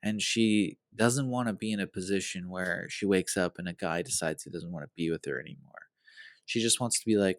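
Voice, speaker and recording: A man's voice: low-pitched, fairly quick, dry recording. A male podcast host giving a casual, earnest, rambling recap of a reality show episode.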